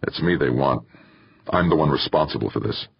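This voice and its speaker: A man voicing a grim, worn-out engineer in an audiobook, speaking flatly. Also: a bass voice, fairly quick, creaky, breathy edge, no room sound, exaggerated voice. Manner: grim, flat. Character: grim, exhausted male engineer taking the blame. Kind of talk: audiobook character voice. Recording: muffled dry recording.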